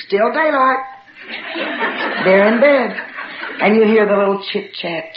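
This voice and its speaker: A woman with a medium-pitched voice speaks at normal speed with long pauses, telling a personal story to a live audience and dramatically acting out her family members' voices. The recording is roomy and dull, with background noise.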